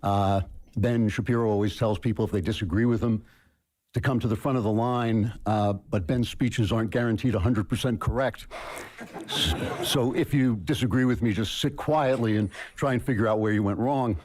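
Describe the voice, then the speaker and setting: A man giving a university speech, joking in a dry, measured way. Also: lowish voice, fairly even intonation, darkish tone. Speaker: speaker.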